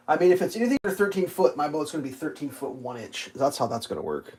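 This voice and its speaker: A man with a slightly high voice, chatting casually and rambling through profane stories on a livestream. He swears freely and acts out the people in his stories. A faint hiss sits under the voice. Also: animated, fast, few pauses, rough recording. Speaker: livestream host. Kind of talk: casual live-stream chat.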